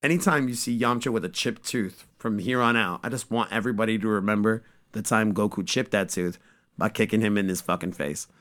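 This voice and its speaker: A man hosting a podcast, giving a casual, profane and joking recap of an episode as an animated storyteller. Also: fairly low pitch, fairly quick. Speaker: podcast host.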